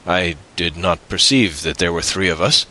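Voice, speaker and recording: A man reading an audiobook, voicing a frank young sailor who speaks directly and briskly. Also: low voice, pushed and bright, low-quality recording. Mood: wary.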